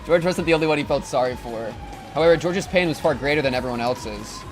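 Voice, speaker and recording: Young male streamer, pitched a bit high, casual reader who keeps breaking off the narration to riff. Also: fast talker, music in the background. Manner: excitable, slangy, breaks off narration to joke. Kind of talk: reading a visual novel aloud and reacting.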